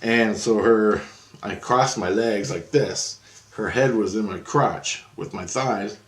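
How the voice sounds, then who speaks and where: A man telling a story in a rambling, excitable way, with lots of swearing and restarts. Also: lowish voice, takes it slowly. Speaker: vlogger. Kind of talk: casual storytelling.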